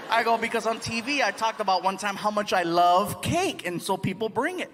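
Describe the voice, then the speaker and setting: A man performing a stand-up comedy set on a live stage, animated and laughing often, slipping into voices for his bits. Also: sits high, fast talker, hardly any pauses. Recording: live show with audience noise.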